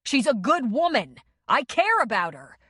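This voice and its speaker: A woman voicing an angry young man, a former actor, shouting defensively after a fight. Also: high voice, very animated, moderate pace, husky, no echo, studio quality, pitched above the performer's own voice, heavily acted. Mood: heated.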